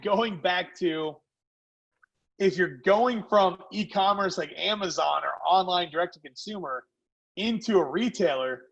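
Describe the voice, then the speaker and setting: A man who founded a food company, a podcast guest telling animated stories in casual chat. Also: high voice, lo-fi sound. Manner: animated, lively storyteller. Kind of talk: casual storytelling.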